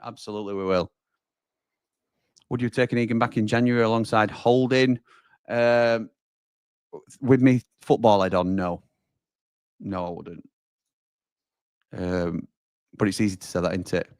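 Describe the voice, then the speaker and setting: A man's voice: on the low side, steady tone, measured pace, pauses often, clean tone, no room sound. Chatty man, dry close sound. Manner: chatty, reacts loudly to chances, addresses viewers as pal and mate. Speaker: host of a football watch-along. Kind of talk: live watch-along commentary and reading viewer comments.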